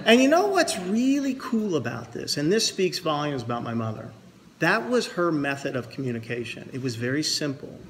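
A man with a fairly high, sing-song voice speaks at normal speed, with background noise, giving a eulogy at his mother's memorial service, where a pastor is present. An earnest storyteller, he blends heartfelt reflection with jokes.

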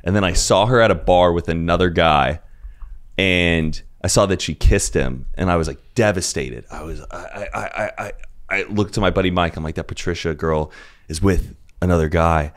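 A man's voice: low-pitched, moderate pace. A young man on a podcast as a guest, telling rambling anecdotes in casual chat, full of "like" and "dude".

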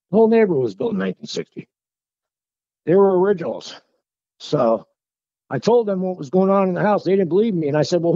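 A man telling a personal story in a casual, animated, conversational way to a host. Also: mid-range voice, gravelly, no room sound. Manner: animated, conversational, working-class phrasing. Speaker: guest telling his encounter. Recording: dull lo-fi call audio.

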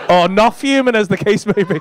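Male stand-up, high voice, cheeky and crude with the crowd, live club mic, noisy room. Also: fairly quick. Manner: crude, teasing banter with the audience. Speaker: stand-up comedian. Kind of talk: crowd work. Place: comedy club stage before a live audience. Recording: live club recording with loud crowd laughter.

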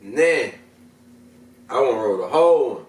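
A man's voice: medium pitch, expressive, a little slow, darkish tone, distant mic. Profane rambling man in an echoey room. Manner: rambling, profane, talks straight to viewers. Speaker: video host reviewing smoking products. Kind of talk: casual slang-heavy vlog chat.

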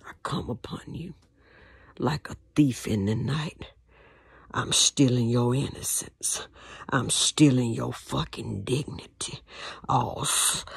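A woman voicing a menacing grown man in a low, hushed, threatening whisper, in whispered role-play. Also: vocal fry, slightly rough, no room sound, heavily acted.

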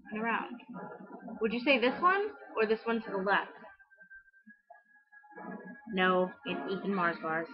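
A young woman livestreaming a game, chatting nervously, talking to her character and asking viewers which way to go. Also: mid-range voice. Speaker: livestreaming gamer. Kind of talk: live game commentary. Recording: dull lo-fi stream audio.

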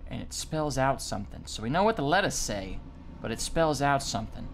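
A man playing a horror game on video, joking, swearing and reacting loudly to scares. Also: mid-range voice, very animated, fairly quick, vocal fry, a little hiss or hum. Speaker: gaming video host. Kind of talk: horror game let's play commentary. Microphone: desk mic with facecam.

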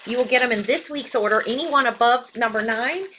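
A woman hosting a live jewelry sale stream, excitable and reading buyer names aloud as she types. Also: a little high, a little fast, slight background noise.

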